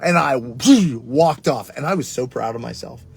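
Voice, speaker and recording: A man's voice: a little slow, creaky, husky. A middle-aged man teaching earnestly on prayer, preaching in a conversational way and telling personal stories. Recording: steady rumbling background noise.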